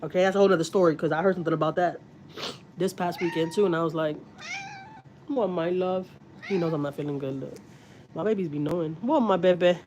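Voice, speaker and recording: A woman's voice: low-pitched, fairly even intonation, fast, long pauses, a little mellow, slight background noise, rough recording. Candid woman chatting on a livestream. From Houston, Texas. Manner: candid, rambling, confiding. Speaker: family vlogger on a livestream. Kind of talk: casual livestream chat.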